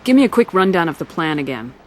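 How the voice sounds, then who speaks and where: A decisive military commander. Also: female voice, on the low side, big pitch swings, quick pace. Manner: direct, commanding questions and orders. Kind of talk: video game dialogue.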